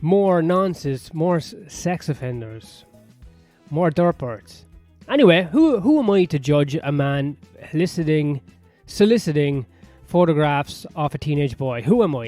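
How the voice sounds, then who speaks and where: A man with an Irish accent, his voice sitting slightly high for a man, delivers a rambling, profane comedy monologue as a podcast host. His tone is sardonic and loose, and he keeps circling back to gossip. Faint piano music plays quietly under him. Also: animated, unhurried, dry recording. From Ireland. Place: sauna-area home in west London. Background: soft piano music.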